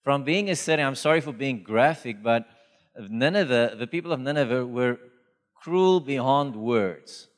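A man preaching a sermon as pastor, in a conversational, animated storytelling manner with acted quotes. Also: mid-range voice, measured pace. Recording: reverberant hall.

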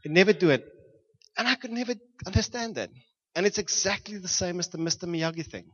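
A man from Johannesburg, preaching a storytelling sermon and acting out shouts and sound effects with frequent laughter. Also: high voice, a little fast, breathy edge, dull audio. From South Africa, Johannesburg.

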